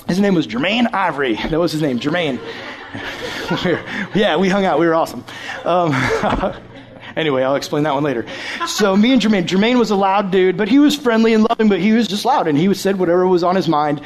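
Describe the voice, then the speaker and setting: Animated storytelling young male preacher. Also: sits high, brisk, crowd noise. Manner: animated, acts out voices from his story. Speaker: youth pastor. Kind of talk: sermon with personal storytelling.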